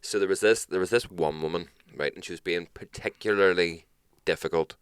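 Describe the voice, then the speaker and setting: Deep-voiced young man. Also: brisk, smooth, no room sound, studio quality. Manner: sweary, animated anecdote teller. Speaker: podcast co-host. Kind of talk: casual chat.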